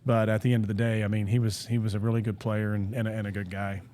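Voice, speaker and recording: A man's voice: lowish voice, fast. A man in his forties, a former college football player, telling stories as a podcast guest in a casual chat, acting out quotes and laughing often. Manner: animated storyteller, acts out quotes, laughs often.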